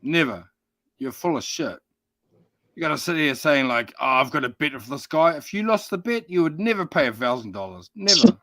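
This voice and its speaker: A man's voice: fairly high pitch, very animated, normal speed, fairly bright tone, no room sound. A man who sounds drunk, heckling and taunting others in a heated panel chat while talking over them.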